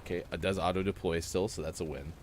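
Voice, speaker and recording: A man's voice: sits low, steady tone, fast, a little mellow, slight background noise. A man hosting a gaming morning show, chatting casually and reading news items while playing a game. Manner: rambling, reads out news items between gameplay remarks.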